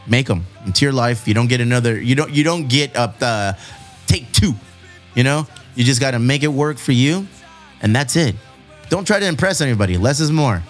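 A man from Southern California with a Southern Californian accent, hosting a casual podcast and answering listener questions in a laid-back, profane, rambling way. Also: mid-range voice. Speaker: podcast host.

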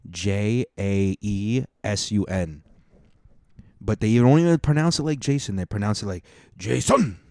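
A man's voice: lowish voice, unhurried, darkish tone, dry recording, studio quality. A man hosting a casual monologue, rambling and swearing through mock rants. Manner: rambling, profane, mock-ranting.

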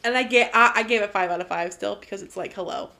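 A woman's voice: mid-range voice, quick pace, creaky, bright, forceful tone. A young woman co-hosting a podcast in casual chat, gushing and swearing freely as she talks. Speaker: podcast co-host.

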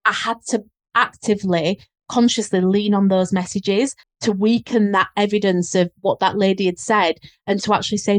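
A woman's voice: mid-range voice, steady tone, moderate pace, no echo. A woman with a Yorkshire accent, a guest on a podcast, talking in an earnest, encouraging way and speeding up when she quotes others. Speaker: guest, business coach. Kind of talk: casual podcast chat.

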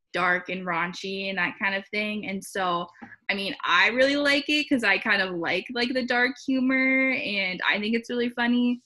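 Bright-voiced rambling young woman. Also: mid-range voice. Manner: relaxed, rambling, lots of "like" and "um". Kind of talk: casual chat.

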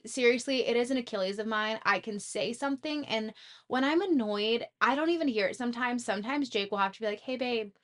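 A woman's voice: on the high side, quick pace. A young adult woman hosting a podcast, giving casual advice in a chatty way and acting out little quotes. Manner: chatty, animated, full of "like" and acted-out quotes. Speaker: podcast host.

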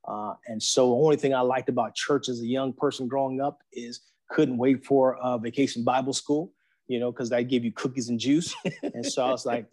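This medium-pitched man in his forties moves a little fast as he shares his testimony of faith on a podcast. His delivery is casual and full of slang, animated, with impressions of the people he quotes.

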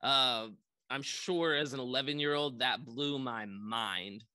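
Young guy with a bright sharp voice, dry close sound, rambly with lots of likes and ums. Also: medium pitch, a little slow, clear, resonant tone, no room sound. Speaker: podcast co-host. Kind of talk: casual movie recap chat.

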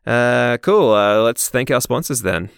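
A man co-hosting a casual gaming podcast, chatty and quick to laugh, cursing now and then. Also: medium pitch, lively intonation, vocal fry, clear, resonant tone, no echo, clean studio sound. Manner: laughs often, swears casually. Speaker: podcast co-host. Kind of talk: casual chat.

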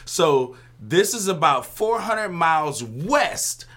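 A man co-hosting a comedy podcast, chatting casually and turning animated and sing-song when he laughs. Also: fairly high pitch, takes it slowly. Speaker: podcast co-host.

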